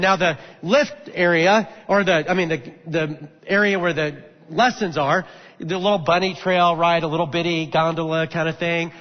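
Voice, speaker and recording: A middle-aged man, a senior pastor, telling a story in a sermon in a conversational way and acting out the voices he quotes. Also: high-pitched. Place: church auditorium. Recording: muffled recording in a large echoing hall.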